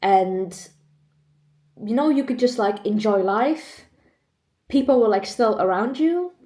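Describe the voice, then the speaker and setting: With a mid-range, mellow and expressive voice at a moderate pace, a twenty-something vlogger shares candidly on her camera mic, the room reverberant around her. Emotional and chatty, she laughs often but is on the edge of tears, choked up at times.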